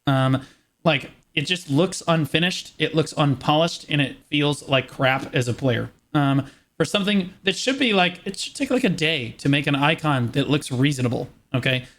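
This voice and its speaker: A man co-hosting a gaming podcast, ranting in an animated, opinionated way in casual chat. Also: a little high. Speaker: podcast co-host.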